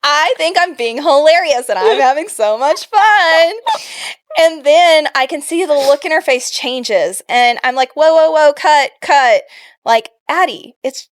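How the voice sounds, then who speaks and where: A young woman co-hosting a casual podcast, telling stories in an animated, self-deprecating way and laughing often. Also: high-pitched, measured pace. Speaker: podcast co-host. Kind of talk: casual storytelling chat.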